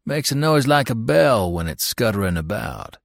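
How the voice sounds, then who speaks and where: A man's voice: on the low side, very animated, moderate pace, creaky, no echo, studio quality. A man voicing a sullen old trapper and whaler who talks in a folksy, blunt backwoods drawl.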